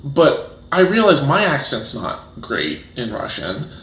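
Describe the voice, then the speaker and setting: A man talks as an interview guest, spinning animated stories full of fillers and false starts. His voice sits at an ordinary middle pitch. The recording has a roomy echo. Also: measured pace. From United States. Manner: animated storytelling, many restarts and fillers. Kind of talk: casual interview chat.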